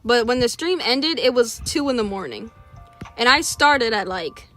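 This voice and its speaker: A young woman chatting casually while she draws, rambling and talking to herself as she works, now and then mimicking her characters in a higher voice. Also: big pitch swings, normal speed, a bit bright, faint music behind. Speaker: artist streaming a drawing session. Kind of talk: casual chat while drawing.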